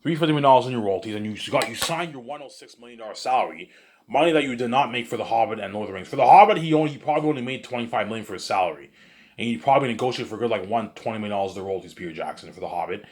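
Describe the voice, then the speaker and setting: A man's voice: mid-range voice, animated, rapid-fire, a little mellow. A man rambling in a casual monologue, repetitive and boastful. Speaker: monologue host.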